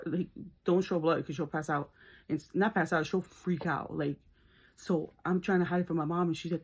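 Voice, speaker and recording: A woman's voice: normal speed, breathy edge. Chatty woman vlogger on dull lo-fi audio. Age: adult, works as a nurse. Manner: chatty and animated, laughs, slips into high-pitched screams when retelling. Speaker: beauty vlogger. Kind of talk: casual storytelling makeup tutorial.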